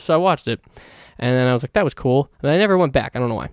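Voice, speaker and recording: A young man hosting a solo podcast, rambling excitedly in a casual monologue and swearing a lot. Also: medium pitch, racing, dry recording, clean studio sound. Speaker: podcast host.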